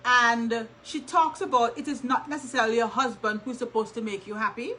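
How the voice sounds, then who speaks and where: A woman's voice: a little high, fairly even intonation, fairly quick, bright, forceful tone, slight background noise, poor audio. A woman co-hosting a casual advice talk, speaking emphatically and repeating her key points. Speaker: co-host.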